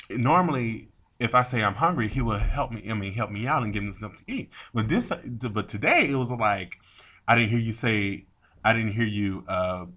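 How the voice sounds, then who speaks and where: A man tells a rambling story straight to the camera, animated and quick to swear. His voice sits a little low yet sounds bright and forceful. He acts out both sides of each exchange as he goes. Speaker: vlogger. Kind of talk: casual storytime rant.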